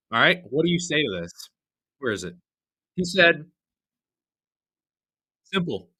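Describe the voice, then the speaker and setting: A man hosting a live sports podcast, chatty and animated. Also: mid-range voice, no echo, low-quality recording. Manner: chatty, animated, self-deprecating asides. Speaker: podcast host. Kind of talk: casual live podcast talk.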